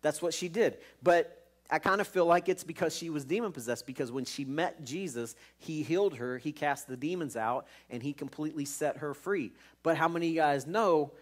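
A man's voice: on the high side, moderate pace. A man preaching a sermon as pastor, retelling scripture in a conversational way with frequent restarts and repeated words.

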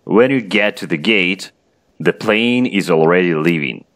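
A man's voice: low voice, expressive, a little slow, a bit bright. A man whose first language is Russian, teaching English in an online lesson by reading a story aloud and asking questions. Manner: reads a story aloud, then asks questions.

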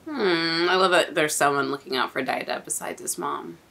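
A woman's voice: low-pitched, moderate pace, creaky, bright, forceful tone. A young woman hosting an anime reaction video, chatting casually and getting emotional, laughing often.

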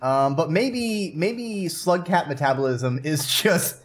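A man livestreaming a game, chatting casually and reacting loudly, swearing when things go wrong. His voice leaps up and down in pitch, and his talk stays slow and unhurried between the outbursts. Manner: excitable, swears and yelps at the game. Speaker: streamer. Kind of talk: casual gameplay commentary.

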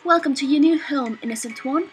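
A woman voicing a gentle, motherly goat caretaker in a video game, in a put-on English accent. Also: sits high, brisk, faint music behind, close to an everyday voice. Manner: soft, formal and kindly.

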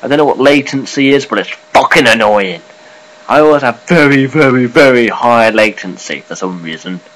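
A man giving a casual, rambling vlog update, swearing offhandedly and filling pauses. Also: mid-range voice, lively intonation, fairly bright tone, low-quality recording. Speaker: gaming and news vlogger.

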